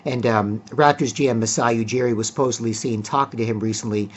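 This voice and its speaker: A man giving casual solo sports commentary, rambling with frequent fillers and clearing his throat often. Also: medium pitch, steady tone, quick pace.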